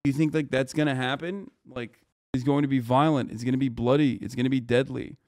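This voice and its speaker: A man's voice: mid-range voice, fairly even intonation, brisk, darkish tone, no echo, clean studio sound. A man streaming live, reacting in a heated, profane rant. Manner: angry, profane ranting.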